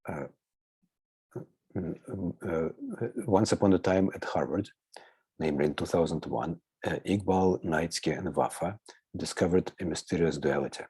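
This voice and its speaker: Man, Russian accent, extremely deep voice, raspy and breathy, halting lecture delivery, dry close sound. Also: dark tone, no echo. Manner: halting, with frequent pauses and fillers. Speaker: seminar speaker. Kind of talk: academic lecture over video call.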